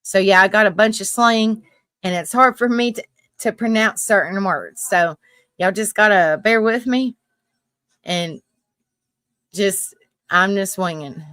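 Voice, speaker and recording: A woman in her thirties with a Southern US accent, hosting a casual live chat stream, talkative, apologetic and quick to laugh, a little troubled by allergies. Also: mid-range voice, fairly bright tone, dry recording. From South Carolina and Tennessee, US. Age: 30s. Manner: chatty, apologetic, laughs often. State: coughing from allergies. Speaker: livestream host.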